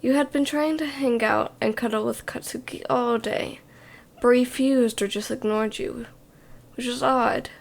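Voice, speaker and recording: A woman narrates in a whispered role-play, speaking to the listener as "you". Her hushed voice sits a bit high and carries a gravelly fry. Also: fairly even intonation, a little slow. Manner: hushed second-person narration. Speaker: storyteller.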